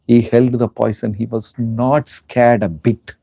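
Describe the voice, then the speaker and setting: Indian man giving an animated spiritual lecture. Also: mid-range voice, unhurried, gravelly, breathy edge, dry recording. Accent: Indian English. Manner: animated storytelling, rhetorical questions to listeners. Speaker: spiritual teacher.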